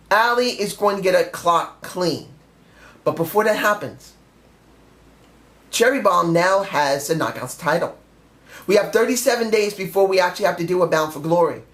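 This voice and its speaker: A man's voice: high-pitched, a bit bright. A man reviewing a wrestling show in a casual vlog, talking emphatically, ranting at times and swearing freely. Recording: echoey room.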